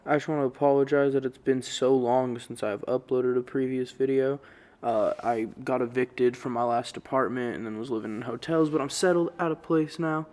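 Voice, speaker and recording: A man's voice: mid-range voice, steady tone, normal speed, darkish tone. A man casually telling a story-time vlog in a rambling way, full of swearing and slang. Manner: rambling, profane, loose slang. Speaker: YouTuber.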